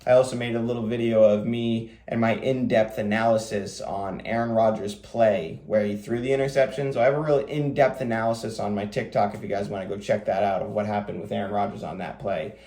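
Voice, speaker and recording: A man hosting a fantasy football show, talking quickly in a casual, rambling way with lots of fillers. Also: lowish voice, steady tone, warm tone, echoey room. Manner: rapid, rambling delivery with many fillers. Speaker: fantasy football podcast host. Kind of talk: casual solo commentary.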